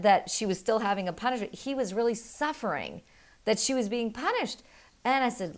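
A middle-aged woman and mother explaining parenting in an earnest, animated way, telling stories with quick laughs. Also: mid-range voice. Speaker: parenting guest. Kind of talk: conversational explaining.

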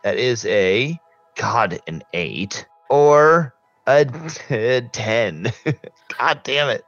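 A man's voice: medium pitch, animated, drawn-out words, fairly bright tone, no echo, muffled recording, faint music behind. A man playing a tabletop game, talking casually and rambling. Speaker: player.

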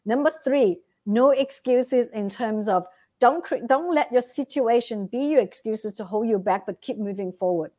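A woman's voice: fairly high pitch, moderate pace, warm tone. A woman as a podcast guest, giving motivational advice and recapping her points in a numbered list.

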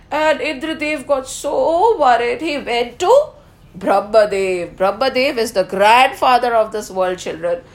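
A woman's voice: sits high, unhurried. A woman, animatedly telling a story to children with exclamations and questions.

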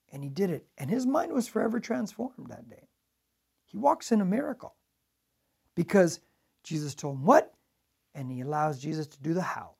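A male pastor preaching a sermon, telling the story dramatically and swinging from loud to hushed. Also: a little high, very animated, moderate pace, gravelly, long pauses, breathy edge.

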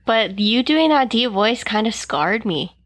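Giggly, unhurried woman co-hosting a podcast. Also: on the high side, sing-song. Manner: giggly, bashful. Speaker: podcast co-host. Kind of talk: casual podcast chat.

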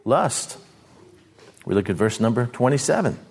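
A middle-aged man preaching a sermon as pastor, conversational, acting out quoted voices and swinging between loud and hushed. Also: mid-range voice, big pitch swings, moderate pace, breathy edge.

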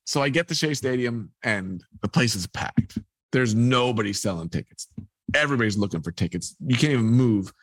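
Animated New man telling a story. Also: mid-range voice, normal speed, no echo. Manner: animated storyteller, acting out voices of people in the story. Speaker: guest. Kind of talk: storytelling in a podcast conversation.

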